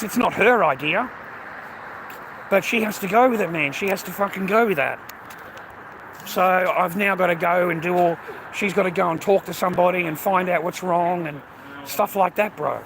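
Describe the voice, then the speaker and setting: A middle-aged Australian man ranting casually to the camera, agitated and profane, repeating himself and calling the listener mate. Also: high voice. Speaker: vlogger. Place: outdoors by a road. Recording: outdoor street noise, traffic.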